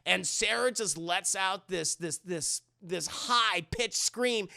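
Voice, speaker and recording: Brief: snarky man recapping a bad movie, gravelly and bright, close and dry. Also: sits high, slow pace, hardly any pauses, no echo. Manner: sarcastic, rambling, swears often. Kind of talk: profane casual movie recap.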